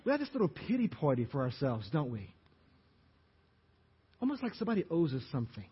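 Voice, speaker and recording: A man with a Louisiana accent preaches a lively sermon, firing questions out to his congregation. His voice sits high and has a husky edge. The audio is dull and carries a long reverb from a large sanctuary. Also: brisk. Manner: animated, asks the congregation questions. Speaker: pastor. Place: church sanctuary.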